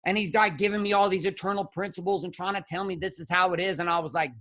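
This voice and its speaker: A man speaking as a podcast guest and men's coach, blunt and profane, swinging between shouted outbursts and low, intense stretches. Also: steady tone, quick pace, few pauses. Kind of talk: impassioned conversational monologue.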